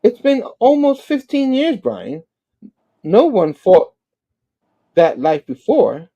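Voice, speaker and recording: A man reading out the lines of a jittery, wisecracking young male hero, a bit higher and quicker than his normal talk. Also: wildly swooping pitch, dark tone, muffled recording, exaggerated voice. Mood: upbeat.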